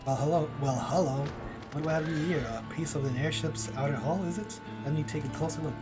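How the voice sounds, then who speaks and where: A hearty airship engineer, cocksure about his designs, read by a man near his own voice, with occasional slips over words. Game music plays clearly underneath, and the voice sits slightly high. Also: fairly quick, close to an everyday voice. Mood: confident. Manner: hearty, self-assured, stumbles on words. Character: jovial, confident airship engineer.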